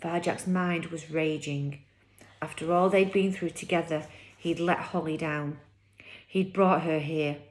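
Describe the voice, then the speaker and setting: A woman reads a children's novel aloud, one chapter at a time. Her voice sits slightly low, and her delivery is expressive and dramatic. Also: a little slow. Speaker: storyteller reading a children's novel. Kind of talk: chapter-by-chapter book reading.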